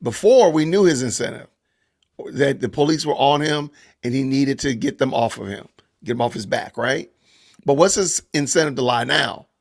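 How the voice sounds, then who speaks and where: Gravelly-voiced man chatting on a live stream. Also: mid-range voice, normal speed. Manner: animated, laughs often, reads viewer comments aloud. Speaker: podcast host reading live chat. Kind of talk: casual live-stream commentary.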